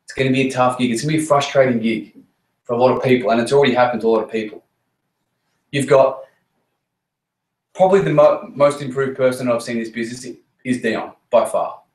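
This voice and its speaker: A man's voice: mid-range voice, fast, pauses often, a little mellow. A man giving a blunt, swearing motivational talk to his team in a meeting room, hammering points with repetition. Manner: blunt, repetitive, swears freely, punchy emphasis. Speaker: network marketing team leader. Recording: roomy echo.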